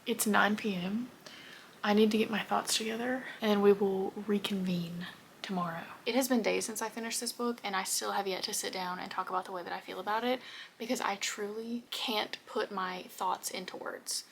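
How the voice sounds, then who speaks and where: A woman's voice: mid-range voice, steady tone, moderate pace, creaky, slight background noise. A young woman talking casually in a reading vlog, emotional and often dropping to a whisper. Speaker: book vlogger.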